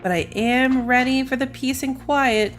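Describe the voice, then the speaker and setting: With faint music behind her, a streamer who's a tired mother of school-age kids offers casual let's-play commentary. Her high-pitched voice stays fairly even and a little slow as she rambles, yawning at times.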